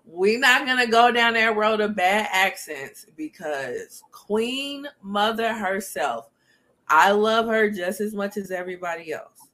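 A woman's voice: mid-range voice, a little slow, fairly bright tone. A woman hosting a casual podcast, speaking frankly with many ums and frequent laughter. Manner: chatty, frank, laughs often, filler ums. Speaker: podcast host. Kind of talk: casual chat.

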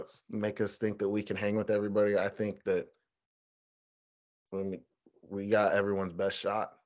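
A young man in his twenties, a college football player, telling stories in a relaxed, chatty interview. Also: lowish voice. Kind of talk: casual interview. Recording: dull lo-fi sound.

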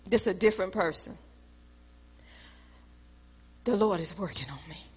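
A woman voicing an apologetic churchgoer who pleads softly, close to a whisper. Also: medium pitch, fairly even intonation, fast talker, in a large hall, voice pushed down, lightly acted. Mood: pleading. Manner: soft, breathy, pleading, near whisper.

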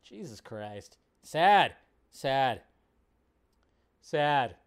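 A man hosting a live stream in casual commentary, animated, swearing freely and mocking others in exaggerated voices. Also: medium pitch, drawn-out words. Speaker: show host.

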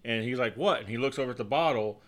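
A man co-hosts a casual podcast with a bright, tense tone at a middle pitch. He tells joke stories and laughs through the punchlines. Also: fast talker. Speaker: podcast co-host. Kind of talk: casual chat.

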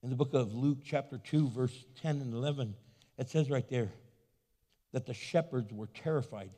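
Animated pastor preaching in a reverberant church. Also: male voice, mid-range voice, normal speed. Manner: animated, acts out quoted voices. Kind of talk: sermon. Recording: long hall reverb.

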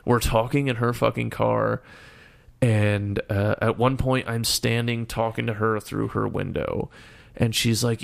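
A young man with a gravelly, fry-heavy voice tells a story in casual chat. His delivery is profane and animated, breaking into shouts and laughs. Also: medium pitch, moderate pace.

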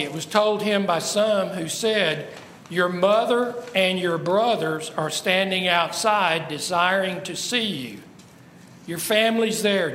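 A man's voice: high-pitched, fairly bright tone, reverberant, big-room sound, slight background noise. A man preaching a sermon, asking the listeners rhetorical questions and stressing points emphatically.

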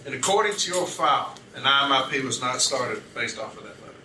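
A man's voice: mid-range voice, animated, quick pace, bright, forceful tone. A man acting as a union advocate at an arbitration hearing, questioning a witness methodically and reading documents aloud. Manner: methodical, reads documents aloud, corrects page numbers. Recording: echoey room, distant mic, background noise.

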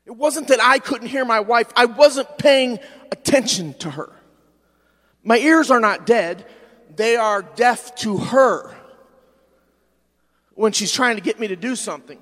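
Middle-aged guy preaching, drags words out slow to hit the point, church echo. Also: very high voice, a bit bright. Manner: fervent preaching, stretching words slowly for emphasis. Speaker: pastor. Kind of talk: sermon. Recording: long church reverb.

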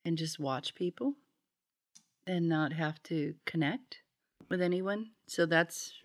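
A woman's voice: lowish voice, slow pace. A woman on a casual podcast chat speaking in a reflective, thoughtful way.

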